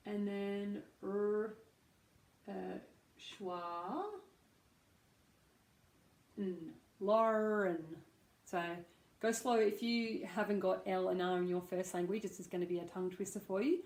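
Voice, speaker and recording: An Australian woman leads a casual pronunciation lesson, pulling each sound apart slowly and deliberately. Her pace is unhurried throughout, with a noticeable room echo around her voice, and her pitch sits mid-range. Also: a little mellow. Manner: slow, deliberate, drawing out sounds to demonstrate. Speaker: English pronunciation teacher.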